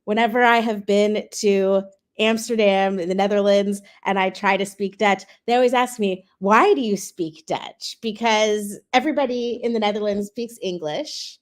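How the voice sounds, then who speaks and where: A chatty woman in her thirties talks as a guest on a livestream. Her voice sits at a middle pitch, and she tells her stories in an animated, easy way. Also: normal speed. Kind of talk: casual interview chat.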